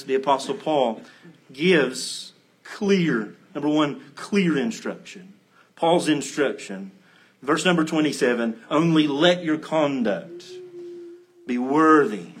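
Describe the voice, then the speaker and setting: Husky-voiced man preaching a sermon. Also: a little high. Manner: earnest, emphatic, slows down to stress key phrases. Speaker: pastor.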